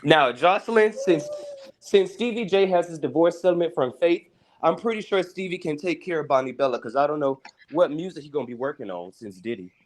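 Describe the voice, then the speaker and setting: A man's voice: a little high, animated, a little fast, a little hiss or hum. A man calling in to a live stream who explains gossip at length. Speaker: caller. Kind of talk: call-in chat.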